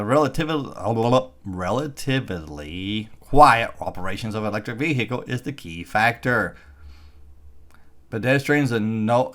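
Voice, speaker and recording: A man's voice: medium pitch, a bit bright. Middle-aged guy rambling on his vlog, reading stuff out and tossing in sarcastic opinions. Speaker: EV vlogger. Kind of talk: casual commentary while reading an article aloud.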